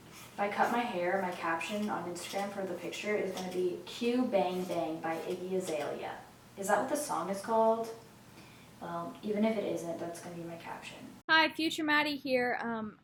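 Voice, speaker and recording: A woman's voice: medium pitch, slight background noise. Giggly young woman vlogging in an echoey room. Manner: nervous, giggly, rambling. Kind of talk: casual vlog chat. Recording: echoey room, mic a bit far.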